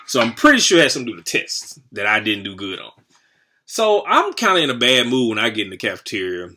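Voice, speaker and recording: A man in his forties telling a comic story from his childhood, rambling and heavy on the swearing. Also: medium pitch. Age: 40s. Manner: profane, rambling, animated.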